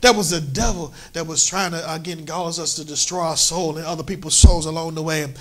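A middle-aged pastor with a New York accent, preaching a sermon in a church with emphatic, repeated lines. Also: male voice, a little high, fairly even intonation, a little fast. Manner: preaching with rising, emphatic repetition. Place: church sanctuary.

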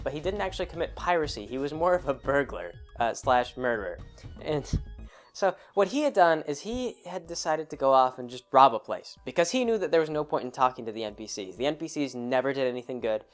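A young man, host of his own show, casually and ramblingly retelling a tabletop game session with frequent restarts. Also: a little high. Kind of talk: casual storytelling.

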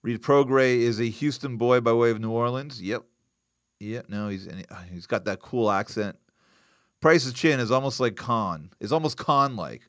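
On his live boxing news show, the host keeps things casual and lively, cracking jokes and replying to chat. He has a mid-range voice and speaks at an ordinary pace. It's recorded in studio quality with no echo.

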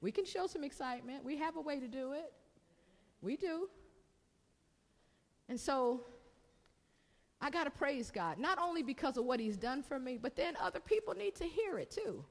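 Woman pastor, preaching, repetitive call-and-response, high-ish voice, long hall reverb. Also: animated, normal speed, long pauses. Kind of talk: sermon. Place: church sanctuary.

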